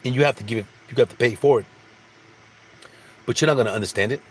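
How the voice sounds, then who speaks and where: A man's voice: mid-range voice, fast talker, breathy edge. A man giving a casual, rambling spiritual monologue, repeating phrases and restarting sentences. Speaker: spiritual speaker.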